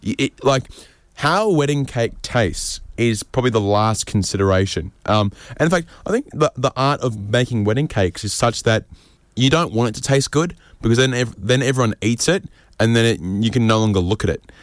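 A man doing a rambling comedic monologue, animated and jumping into mocking voices. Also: mid-range voice, normal speed, no room sound, studio quality. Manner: rambling, with fillers and restarts.

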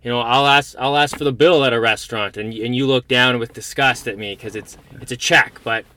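Bright-voiced Canadian man. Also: medium pitch, steady tone, fairly quick. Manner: stammering restarts, easygoing. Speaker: guest, host's brother. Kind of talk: casual conversation.

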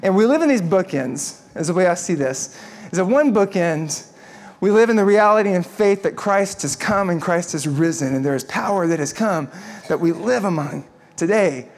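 Male pastor, higher voice, lively humorous storyteller in a sermon. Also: moderate pace. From Texas.

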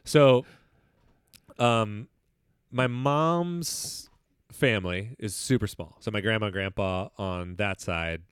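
Candid low-voiced man telling a story. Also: slow pace, fairly bright tone, clean tone, dry recording, studio quality. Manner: loose and candid, swears, many likes and restarts. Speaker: podcast co-host. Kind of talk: casual chat, personal story.

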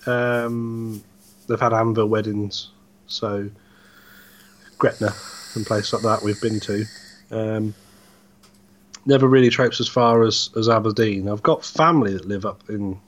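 A man's voice: fairly low pitch, fairly even intonation, unhurried, long pauses, a little hiss or hum. Easygoing man, rambling chat. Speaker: podcast co-host, truck driver. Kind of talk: casual chat.

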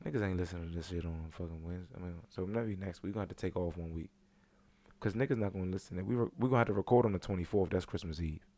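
Gravelly man in casual podcast banter. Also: low-pitched, very fast, dark tone. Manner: laid-back, profane, rambling banter. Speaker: podcast co-host. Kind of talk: casual chat.

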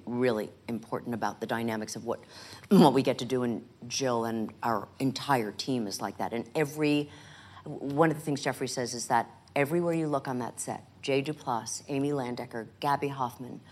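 An older woman on stage telling animated stories about acting work, often acting out quoted lines. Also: a bass voice. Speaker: guest actress in a stage conversation. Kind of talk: conversational storytelling. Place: stage before a live audience.

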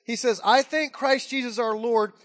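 A man's voice: very high voice, moderate pace, in a large hall. A man preaching a sermon as pastor, telling a story and acting out its voices. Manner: animated storytelling with acted-out quotes.

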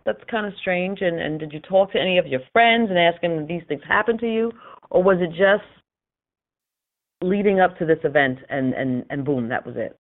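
A woman's voice: lowish voice, lively intonation, normal speed. A woman interviewing a guest, asking questions and giving brief, attentive acknowledgments. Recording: tinny phone-like line.

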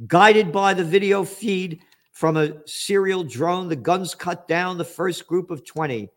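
A man delivering a political commentary rant, sarcastic and profane, rising to angry shouts. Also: sits high, measured pace.

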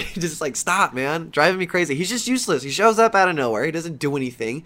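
A young man giving a casual, animated movie review, swearing often and breaking into frustrated outbursts. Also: on the high side, quick pace. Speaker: vlogger.

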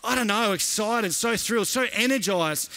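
Man, pastor, high bright voice, earnest sermon delivery that swells with passion. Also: moderate pace. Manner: earnest storytelling, building to impassioned emphasis. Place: church auditorium, preaching live to a congregation.

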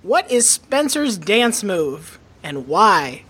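A man co-hosting a podcast, chatting casually and tossing in deadpan quips. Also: high-pitched, slow pace, husky. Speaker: podcast co-host. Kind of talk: casual comedic chat.

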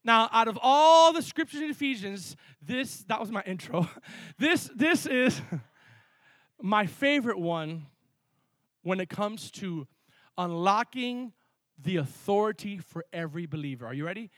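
A male pastor preaching a sermon with energy, mixing sudden loud emphasis with quick asides. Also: high-pitched, lively intonation, no echo.

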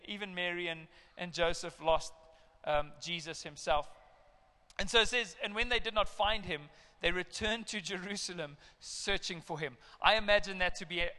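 Middle-aged male pastor, bright tenor, lively sermon storytelling, long church reverb. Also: high voice. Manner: animated storytelling with acted parental outbursts.

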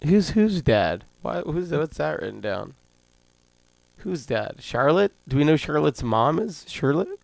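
A man's voice: on the high side, sing-song, a little slow, vocal fry, a little mellow, no echo. A man co-hosting a podcast in casual chat, rambling and laughing often. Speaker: podcast co-host.

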